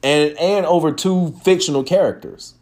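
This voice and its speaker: A man's voice: a little high, moderate pace. A man hosting a podcast, talking in a casual, profane and emphatic monologue. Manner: animated, profane, emphatic storytelling. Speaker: podcast host.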